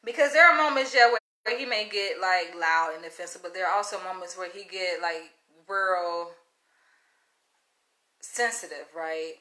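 A woman vlogger telling a story to camera in a casual, blunt, animated way, swearing freely. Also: on the low side, a little slow. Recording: echoey room.

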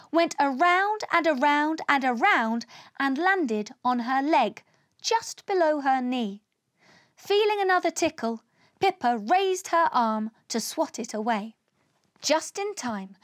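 A woman reading a children's picture book aloud in an expressive, animated way. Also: on the high side, no room sound, clean studio sound. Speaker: storybook reader. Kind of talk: children's storybook read-aloud.

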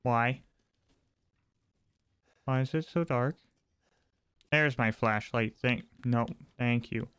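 Slow, smooth-voiced man playing horror games. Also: medium pitch, a bit bright, dry recording. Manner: talks to himself, jumpy and wry while exploring. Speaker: gaming channel host. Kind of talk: horror game let's play commentary.

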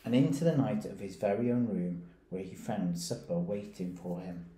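A man, a primary school teacher reading a picture book aloud and stopping to ask his pupils gentle questions. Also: sits low. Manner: gentle, questioning, reads slowly and pauses to ask. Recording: roomy echoey recording.

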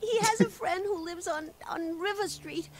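A woman's voice: very high-pitched, normal speed, a loud crowd. An actress voicing an upset young woman in a video game, pleading and distressed. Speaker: game character.

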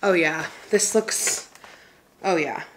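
A woman's voice: on the low side, takes it slowly, fairly bright tone, a little hiss or hum. A young woman chatting casually to her vlog audience at home, bubbly and chatty, laughing often. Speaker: lifestyle vlogger. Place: home, indoors. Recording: echoey room.

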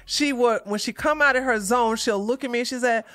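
A woman giving casual, animated reaction commentary as a news vlogger, chatty and often laughing. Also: fairly high pitch, brisk.

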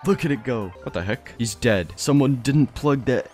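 A young man doing game commentary as a gaming YouTuber, excitable, laughing often and crying out in surprise. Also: medium pitch, moderate pace, few pauses, music in the background.

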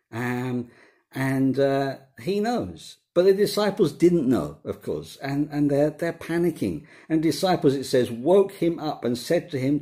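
Man, pastor, mellow dark voice, informal devotional talk, conversational, hesitant fillers and restarts. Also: medium pitch, animated, unhurried.

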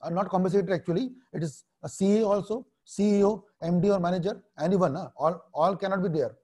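A man's voice: high voice, fast talker, darkish tone. A man in his thirties with an Indian English accent, teaching an online exam-prep lecture in a blunt, repetitive way and mixing in Hindi phrases.

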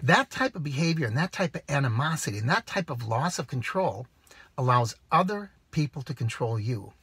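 Husky, animated man giving advice. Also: mid-range voice, a little fast, no room sound. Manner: earnest, preachy, animated, with rhetorical questions. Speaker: rideshare driver vlogger. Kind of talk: casual advice monologue to camera. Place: outdoors.

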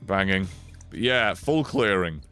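Male streamer, lower voice, excitable and foul-mouthed, live play-by-play over faint game music. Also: unhurried. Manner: excitable, swears often, reacts loudly and reads chat. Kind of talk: casual live-stream commentary.

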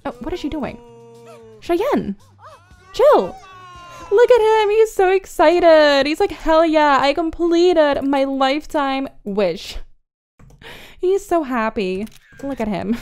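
Young woman, high voice, bubbly, chatty gameplay commentary, faint music behind. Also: darkish tone. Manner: bubbly, chatty, frequent laughs and gasps.

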